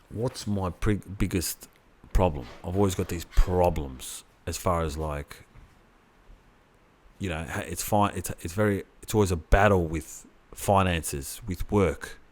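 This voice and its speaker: A man's voice: deep voice, measured pace. A man co-hosting a podcast, rambling in casual chat with plenty of swearing and restarts. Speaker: podcast co-host.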